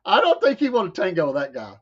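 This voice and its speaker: Southern male co-host, high voice, casual storyteller who keeps laughing and acts out quotes, lo-fi sound. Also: breathy edge. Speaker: show co-host. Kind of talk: casual chat. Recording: dull lo-fi sound.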